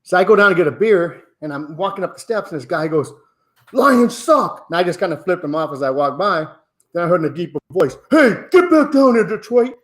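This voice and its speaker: Man, 60s, rowdy, profane, laughing storyteller, slightly high voice. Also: fast. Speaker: podcast regular telling a story. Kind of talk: casual storytelling.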